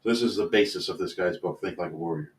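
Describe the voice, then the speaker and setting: A man's voice: low voice, quick pace. A man who coaches youth football, telling a long story in a casual, earnest, rambling way and swearing now and then. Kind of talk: casual storytelling in a podcast interview. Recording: roomy sound from a distant mic.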